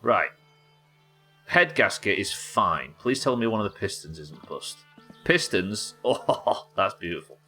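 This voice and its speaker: A man's voice: fairly low pitch, expressive, unhurried, bright, forceful tone, soft background music. A man from England, streaming a game live and thinking aloud as he chats with viewers. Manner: muttering to himself, thinking aloud. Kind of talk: live gameplay commentary.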